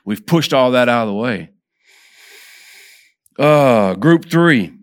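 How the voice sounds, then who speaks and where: Addressing a group of men, this preacher speaks slowly and smoothly, asking for amens and repeating words as he starts lines over. When exhorting he rises in pitch and volume, but for prayers he sinks to a soft, low voice.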